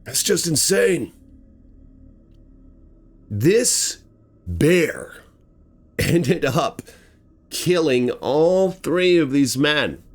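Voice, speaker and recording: Hosting a horror channel, this man gives a theatrical account of a true bear attack, complete with sound words and yells. His pitch is a little high and his delivery very animated, with drawn-out words and long pauses.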